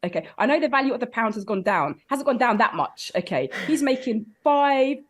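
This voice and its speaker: A woman guest on a comedy podcast panel, telling stories in a lively, laughing way full of big exclamations. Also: fairly high pitch, a little fast. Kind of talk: comic podcast banter.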